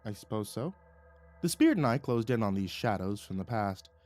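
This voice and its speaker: A man's voice: fairly low pitch, fairly quick. Man narrating a story expressively. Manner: expressive, dramatic. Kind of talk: first-person story narration.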